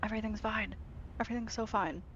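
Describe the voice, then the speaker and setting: A woman streaming a video game, chatting casually and excitably with frequent swearing and playful grumbling. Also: on the high side, lo-fi sound, a little hiss or hum. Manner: chatty, excitable, quick reactions and self-talk. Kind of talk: casual live-stream gameplay commentary.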